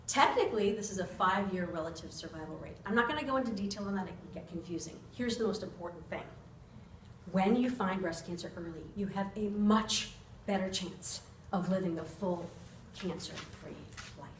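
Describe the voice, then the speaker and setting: A woman's voice: medium pitch, brisk. A woman in her forties giving an earnest, personal persuasive speech to a meeting. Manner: earnest, personal, laughs at herself. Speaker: club speaker. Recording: roomy, distant mic, faint noise.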